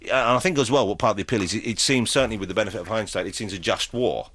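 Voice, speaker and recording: A man in his forties with a London accent, hosting a radio chat in a quick, teasing, jokey way with plenty of laughter. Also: fairly low pitch, a bit bright, no echo. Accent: London English. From England. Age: 40s. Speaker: radio host. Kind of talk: casual chat.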